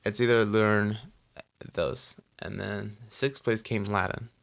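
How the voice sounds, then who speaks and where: Gravelly low-voiced man rambling casually. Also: fairly even intonation, takes it slowly. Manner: rambling, lots of "like" and "you know". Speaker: podcast co-host. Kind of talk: casual chat. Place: Los Angeles.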